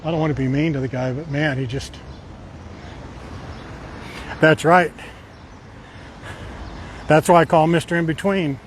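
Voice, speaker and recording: Outdoors amid faint street noise, a man leads a walking live stream through the city, his slightly high voice steady and his pace measured, broken by long pauses. He's chatty and rambling, spinning stories laced with fillers.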